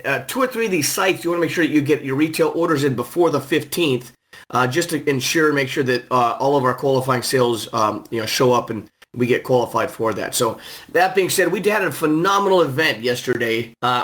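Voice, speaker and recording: A man's voice: on the high side, fairly bright tone. A man hosting a weekly training conference call, enthusiastic and loose, with many fillers and restarts. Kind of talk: upbeat sales call hosting.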